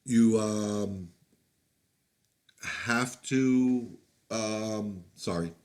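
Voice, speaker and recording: A man's voice: lowish voice, extremely slow, a little mellow. Plain-spoken man giving dog advice. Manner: candid, plain-spoken, many fillers and restarts. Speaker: dog trainer answering viewer questions. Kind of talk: live-stream Q&A, casual advice. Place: home, live stream.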